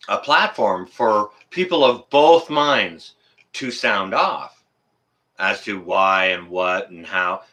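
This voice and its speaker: A man's voice: mid-range voice, bright, forceful tone. A man hosting his own livestream, ranting in a heated way, swearing and then apologizing for it. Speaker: livestream host.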